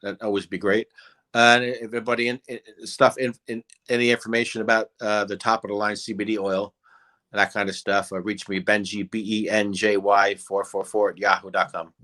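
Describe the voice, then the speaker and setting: A man's voice: on the low side, flat delivery, brisk, bright, forceful tone. A male impressionist answering interview questions in a rambling, casual way with many fillers. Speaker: guest impersonator.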